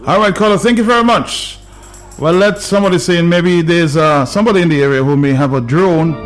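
Firm talk radio host, fairly high voice, music bed behind. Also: male voice, fairly quick. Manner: firm, repeats words to drive a point home. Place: radio studio.

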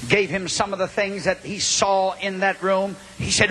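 An older male Pentecostal preacher with a high, ringing voice that climbs into shouts. He drops low for asides and then builds again. A faint hiss sits under the recording. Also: flat delivery, moderate pace, few pauses. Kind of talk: Pentecostal sermon.

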